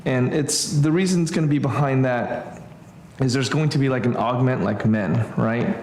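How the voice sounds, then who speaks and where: A man's voice: medium pitch, normal speed, a little mellow, echoey room, slight background noise. Man teaching a hesitant Greek class. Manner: thinks aloud with many fillers and restarts. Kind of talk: informal church class lesson. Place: church classroom.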